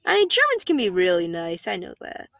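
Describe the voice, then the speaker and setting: A woman's voice: on the low side, wildly swooping pitch, brisk, vocal fry, fairly bright tone, dry recording. Chatty woman reading a story. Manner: chatty, many "like" fillers, exasperated rants. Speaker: story reader. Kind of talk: casual story reading and ranting.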